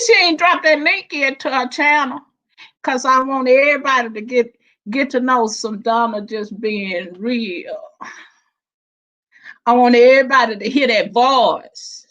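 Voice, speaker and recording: A woman chats on her livestream, greeting viewers as baby and child. Her voice sits a little high and she takes her time with every word. The stream audio sounds dull and lo-fi. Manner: warm, affectionate, drawn-out and emotional, calling viewers baby and child. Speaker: livestream host. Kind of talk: casual livestream chat.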